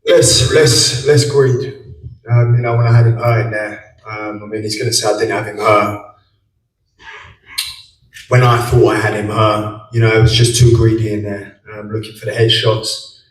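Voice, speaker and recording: A young man, a boxer, giving measured press conference answers with many ums. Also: lowish voice, little pitch movement, a little hiss or hum. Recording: echoey room from far off with faint ambience.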